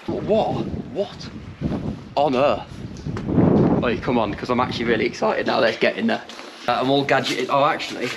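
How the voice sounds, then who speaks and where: A man vlogging as he explores an underground mine, talking in an excited, chatty way, recorded on an action camera. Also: mid-range voice, gravelly, distant mic. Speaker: adventure vlogger. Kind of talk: casual exploring vlog. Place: inside a wet underground mine. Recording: running water noise, cave echo. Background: running and dripping water.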